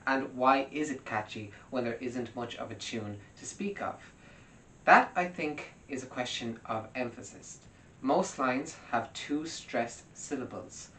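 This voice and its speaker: A man's voice: expressive, measured pace, sharp tone. Wry man narrating from a distant mic. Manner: wry, analytical commentary. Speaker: music video essayist. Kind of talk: scripted narration. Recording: roomy, distant mic with faint rumble.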